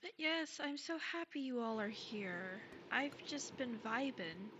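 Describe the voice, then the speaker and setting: A woman streaming live while gaming, chatting casually and gushing excitedly over her viewers. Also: on the high side, measured pace, lo-fi sound, slight background noise. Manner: bubbly and gushing, thanks chat excitedly.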